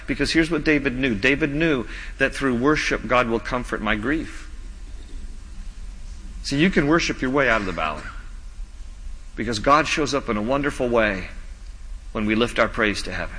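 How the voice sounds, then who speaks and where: Male pastor, sermon, emphatic slow delivery, bright voice, reverberant church hall. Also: breathy edge. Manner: slow emphatic preaching, drops low and soft on key lines.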